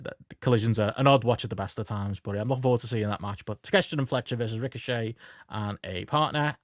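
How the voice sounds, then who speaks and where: A man's voice: fairly low pitch, no room sound, clean studio sound. A man co-hosting a casual wrestling podcast, rambling through the news with lots of fillers and restarts. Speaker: podcast co-host.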